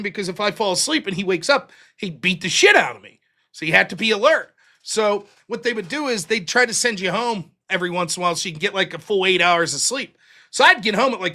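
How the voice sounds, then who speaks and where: Profane, animated American storyteller man. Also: sits high. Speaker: host. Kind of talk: casual storytelling.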